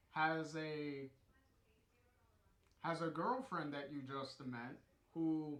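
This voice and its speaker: A man's voice: fairly high pitch, fairly bright tone, roomy sound. A man casually chatting about the story being read, rambling and hesitant with lots of fillers and chuckles. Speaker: co-host commenting on the story. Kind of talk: casual commentary.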